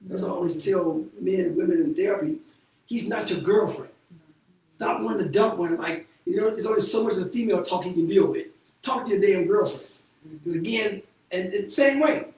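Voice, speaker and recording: A man who is a therapist and show host talks candidly and bluntly, with lots of profanity and frequent laughter. His voice sits high, a little fast and a little mellow, recorded from far off in an echoey room with faint noise.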